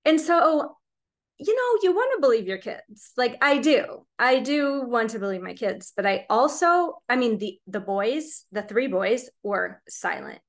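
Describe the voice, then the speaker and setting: A woman's voice: on the high side, expressive, a little slow. A woman in her forties, a mother of teenagers, telling a rambling story casually to her viewers. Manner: chatty, rambling, filler-heavy.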